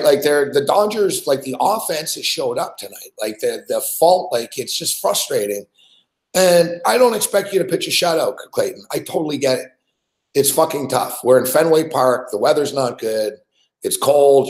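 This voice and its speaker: A man rants about a live game, swearing nonstop, with a mid-range voice that sounds worn out and exasperated. His voice carries around a hard, echoey room, and he hosts a casual sports betting show. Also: medium pitch. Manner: swears constantly, frustrated and exasperated, shouting at players. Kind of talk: profane live sports rant.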